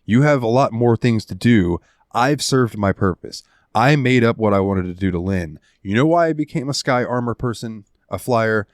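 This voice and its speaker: A man's voice: fairly low pitch, no room sound, clean studio sound, lightly acted. A man voicing an earnest, selfless young male sky armor pilot while retelling a game ending.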